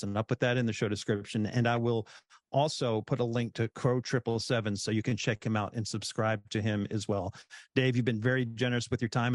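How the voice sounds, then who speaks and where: A man's voice: mid-range voice, no echo, clean studio sound. A man hosting a podcast interview, thanking his guest in a courteous way and wrapping up the episode. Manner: grateful, courteous wrap-up. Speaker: podcast host. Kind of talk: casual interview talk.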